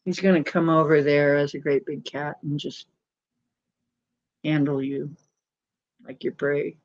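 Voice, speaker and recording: A woman's voice: low voice, little pitch movement, unhurried, darkish tone, no room sound. A woman hosting a casual late-night livestream, rambling, mocking and laughing often. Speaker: livestream host. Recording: dull lo-fi stream audio.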